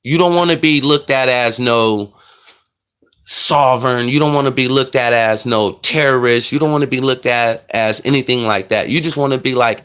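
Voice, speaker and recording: A man's voice: medium pitch, normal speed, fairly bright tone, smooth. A young man, talking earnestly and at length to his viewers, rambling and addressing them as y'all. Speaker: vlogger. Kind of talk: casual monologue to camera.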